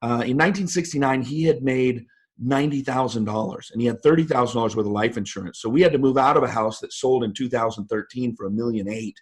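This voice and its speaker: A husky man in his fifties talks in a motivational interview. He tells stories with emphasis and his voice leaps up when he quotes people. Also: mid-range voice, quick pace. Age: 50s. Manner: emphatic storyteller, voice jumps up for quoted lines. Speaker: guest speaker.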